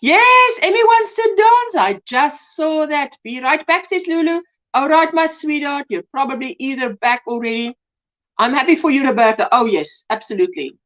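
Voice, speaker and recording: A South African woman hosts a crochet livestream, with a high voice that swings up and down a lot. She reads out viewer comments and greets people by name, calling them sweetheart and tagging sentences with "hey?". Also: expressive, normal speed, fairly bright tone. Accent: South African English. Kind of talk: casual live chat reading comments.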